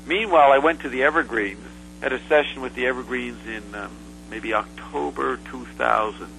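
A man being interviewed, recounting a past event in a halting, rambling way full of fillers and restarts. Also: medium pitch, gravelly, background noise. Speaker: interview guest. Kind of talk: casual storytelling.

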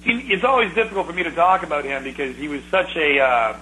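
A middle-aged man telling rambling, animated stories in a casual conversation, restarting his sentences often. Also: a little high, fast talker, a little hiss or hum, poor audio.

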